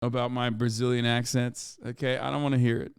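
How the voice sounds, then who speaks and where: A male streamer talks into a desk mic in a smooth, clean tone with a dry, close sound. He rambles through his reactions with sarcasm and lots of "like" fillers. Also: mid-range voice, flat delivery, brisk, no echo. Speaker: streamer host. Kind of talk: livestream reaction commentary.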